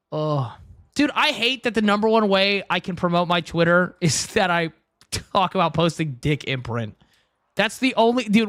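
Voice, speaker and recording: Close on his headset mic in a home room, a young man chats crudely and jokes while streaming a game, dropping "dude" constantly. His voice sits high and a bit bright. The recording has no room sound.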